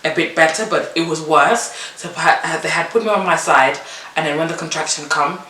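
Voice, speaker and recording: A woman vlogger casually telling a personal story to camera, animated and acting out what people said to her. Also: sits low, a little fast. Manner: animated, acts out the midwives' and her own lines in a raised voice. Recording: echoey room, mic at a distance, faint hiss.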